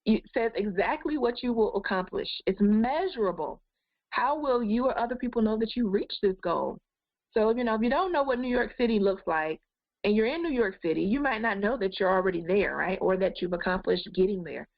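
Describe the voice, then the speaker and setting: A woman's voice: mid-range voice, lively intonation, a little fast, dry recording. Woman life coach, encouraging webinar host, muffled dry webcam sound. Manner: encouraging, addresses viewers directly. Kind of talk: live goal-setting webinar talk.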